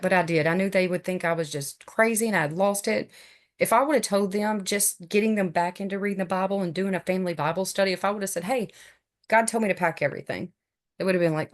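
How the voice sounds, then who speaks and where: A middle-aged woman giving an emotional, earnest faith testimony, telling her story with laughs and asides. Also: on the low side. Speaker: guest sharing faith testimony. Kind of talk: personal testimony talk.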